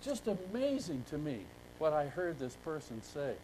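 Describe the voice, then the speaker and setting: A man's voice: on the high side, big pitch swings, moderate pace, dark tone, a little hiss or hum, rough recording. An older man speaking at a conference, telling rambling folksy stories to a live audience. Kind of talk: storytelling talk to a live audience.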